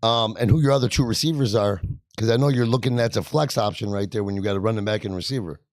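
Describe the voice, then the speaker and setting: A man's voice: on the low side, quick pace, no room sound. A man co-hosting a casual fantasy football chat, rambling and correcting himself. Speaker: podcast co-host.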